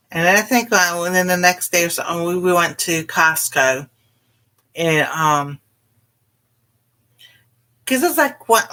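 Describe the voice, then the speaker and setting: A woman's voice: lowish voice, bright, forceful tone. A woman cooking vlogger telling a personal story in a casual, rambling way, with many fillers and exclamations. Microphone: livestream.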